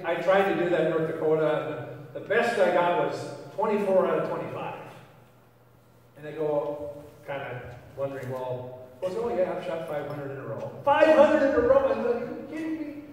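A man's voice: fairly high pitch, darkish tone, slight background noise. A man preaching a casual, rambling sermon full of fillers and restarts, as pastor of his church. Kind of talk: conversational sermon. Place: church sanctuary. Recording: echoey church hall, mic far off.

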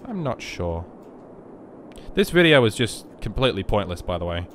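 A sick young man rambling and joking through casual gameplay commentary, sometimes yelling at the game. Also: fairly low pitch, very animated, moderate pace, slight background noise. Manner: rambling and joking, with sudden loud outbursts at the game. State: sick with a virus. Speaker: gaming YouTuber.

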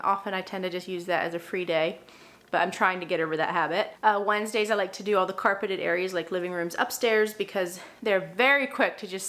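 Chatty young mom, filler-heavy. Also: female voice, fairly low pitch, a bit bright. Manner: chatty, frequent "like" fillers, self-deprecating asides. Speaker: vlogger and mom. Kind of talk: casual talk to camera while cleaning.

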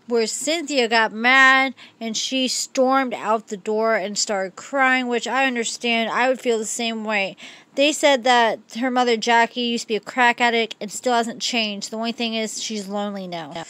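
A woman with a bright, forceful voice pitched a little high recaps a reality show in a gossipy, animated vlog. Her delivery is casual and chatty, and she keeps dropping personal asides. The sound is dry and close. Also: a little slow, dry recording.

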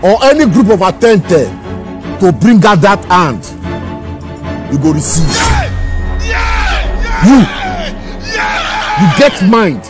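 A Nigerian-accented man speaking in a high, animated voice. He talks in a theatrical, mock-threatening way in a comedy skit. Music plays behind him. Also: slow, long pauses, raised voice. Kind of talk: Pidgin comedy skit acting.

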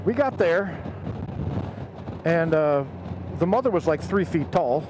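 A man's voice: on the high side, takes it slowly. Chatty middle-aged man on a helmet mic. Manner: animated storyteller, acts out quoted voices. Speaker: motovlogger. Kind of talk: casual storytelling. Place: outdoors on a motorcycle. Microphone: helmet headset mic. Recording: road and traffic noise behind.

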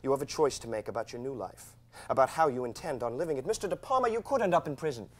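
A man's voice: medium pitch, animated, close to an everyday voice. An actor playing a slick, smarmy male lawyer who talks glibly and condescendingly. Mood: grave. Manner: glib, condescending, fast-talking. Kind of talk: stage drama acting.

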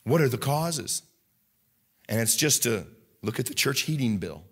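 A pastor preaching a sermon with a Midwestern American accent, shifting from low earnest talk to loud fervent bursts, often halting and restarting. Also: male voice, animated, breathy edge. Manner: halting, many restarts and fillers.

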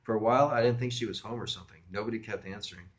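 Male narrator, slightly low voice, casual first-person audiobook read. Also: very fast. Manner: conversational, wry storytelling. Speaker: reader and teacher.

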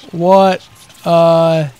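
Male gamer, casual commentary, lively up-and-down voice, slightly high, laughs a lot. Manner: joking, swearing, laughing often, mock-scared. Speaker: let's play gamer. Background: game music and gunfire.

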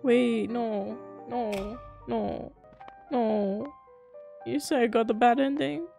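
A woman's voice: a little high, steady tone, takes it slowly, gravelly, mellow, soft background music. A young woman streaming a game live, reacting to chat with exasperated outbursts of disbelief. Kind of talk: live gameplay commentary.

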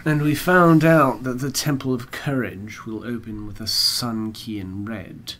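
A man's voice: mid-range voice, fairly even intonation, unhurried, few pauses, fairly bright tone, a little hiss or hum. A man from Nebraska co-hosting a let's play, joking around and swearing freely in casual chat.

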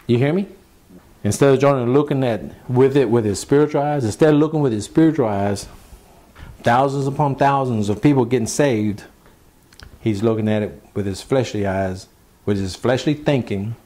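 Pastor preaching in a mellow voice. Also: male voice, lowish voice. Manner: preaching with pauses, rhetorical questions and scripture reading. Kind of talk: sermon.

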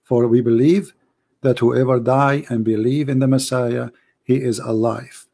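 A man with an Arabic accent hosting a live call-in show, hoarse from losing his voice, preaching fervently and rising to emphatic declarations. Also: mid-range voice, fairly even intonation, measured pace, dark tone.

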